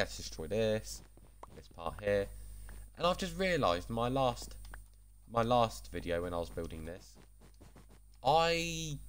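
A man's voice: on the low side, a little hiss or hum. A man casually commenting while building in a video game, chatty, rambling and self-deprecating. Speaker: gaming channel host.

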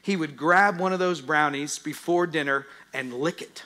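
A male pastor delivers a sermon with a bright, forceful voice pitched a little high. He tells stories with lively turns and acts out the voices in his retellings. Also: moderate pace. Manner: storytelling, dramatizes quotes.

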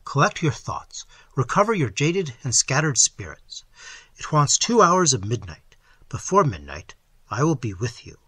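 A man reading an audiobook, voicing a mysterious all-knowing sage who speaks slowly and solemnly. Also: mid-range voice, very animated, bright, forceful tone, slightly rough, no echo, full character voice. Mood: grave. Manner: slow, solemn, measured.

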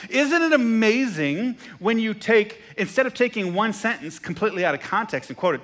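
A man preaching a sermon as pastor, animated and jokey, who repeats phrases and asks the congregation questions. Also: sits high, moderate pace. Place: church sanctuary.

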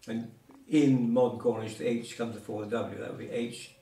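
A man's voice: medium pitch, steady tone, moderate pace, gravelly, dark tone. A man teaching Cornish words in a one-on-one lesson, explaining patiently with asides and examples. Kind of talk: informal one-on-one language lesson. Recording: roomy sound from a distance.

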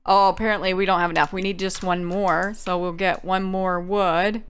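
A woman's voice: fairly low pitch, flat delivery, normal speed, fairly bright tone, clear, resonant tone. A woman hosting a game playthrough, chatting through each step as she plays. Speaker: gaming channel host. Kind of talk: let's play commentary.

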